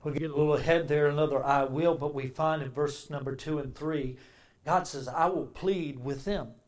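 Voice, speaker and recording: A man preaching a sermon, swinging between loud emphatic declarations and quiet, reflective passages. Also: fairly high pitch, steady tone, normal speed.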